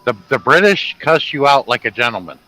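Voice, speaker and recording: Bright-voiced man telling anecdotes. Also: mid-range voice, sing-song, brisk, no room sound, low-quality recording. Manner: storytelling, laughs often. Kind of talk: casual chat.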